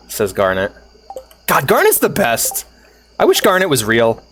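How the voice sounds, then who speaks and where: A man's voice: medium pitch, wildly swooping pitch, unhurried, fairly bright tone, a little hiss or hum. A male streamer chatting casually with his audience, rambling between topics, swearing freely and laughing often.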